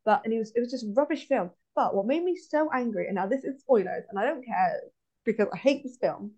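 Podcast co-host: woman with a West Country English accent, slightly high voice, animated ranting film chat, dull lo-fi recording. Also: quick pace. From West Country, England. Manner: animated, ranting, laughs often. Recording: dull lo-fi audio.

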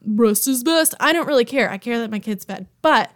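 Podcast guest, woman, fairly high voice, candid and chatty, swears casually. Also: animated, normal speed. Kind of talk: casual chat.

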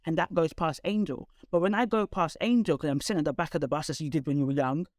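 A woman, a guest telling her life story in conversation, candid and animated with quick asides. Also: sits low, no echo, clean studio sound. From London, England.

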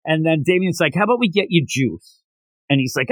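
Man podcast host, lively and fairly high voice, dry close sound, acts out scenes as he retells them. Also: no room sound. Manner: animated, acts out character lines in quick voices. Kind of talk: casual chat recapping a manga chapter.

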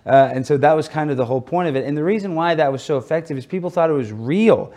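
A man as an interview guest, telling stories in an animated, joking way. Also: fairly high pitch, fast, a little hiss or hum. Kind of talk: casual interview talk.

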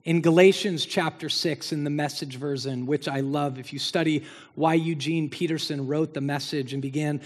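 A man's voice: fairly high pitch, steady tone, normal speed. A man preaching a sermon as pastor, building emphasis through repeated phrases. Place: church sanctuary. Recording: long hall reverb.

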